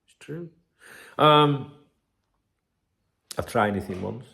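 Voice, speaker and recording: A man's voice: medium pitch, expressive, takes it slowly, creaky, bright, forceful tone. A man hosting a football fan channel, talking in a rambling, casual way with plenty of swearing and fillers. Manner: rambling, swears freely, many fillers and asides. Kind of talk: casual solo commentary.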